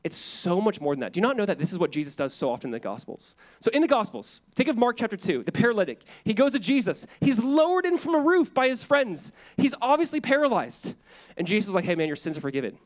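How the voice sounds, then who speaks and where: A man preaching a sermon as pastor, casual and animated, acting out people in the story with quick voices. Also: high-pitched.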